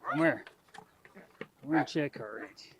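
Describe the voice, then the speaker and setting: A man's voice: mid-range voice, normal speed, slight background noise. A middle-aged man, chatting casually to his viewers and animals outdoors on a farm. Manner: folksy, talks to animals and viewers. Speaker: homestead vlogger.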